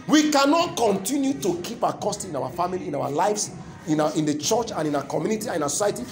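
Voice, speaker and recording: A man's voice: sits high, sing-song, fast talker, music in the background. A man with a Nigerian accent preaching a sermon, calling and responding with his congregation and repeating key phrases for emphasis. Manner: call-and-response, keeps asking the crowd "what?" to complete his lines.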